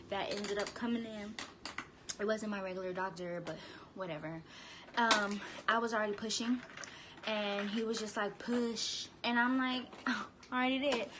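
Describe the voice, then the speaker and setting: A woman's voice: medium pitch, noisy background. A young woman telling her birth story in a candid, chatty vlog, now and then cooing at her baby. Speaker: vlogger, new mother.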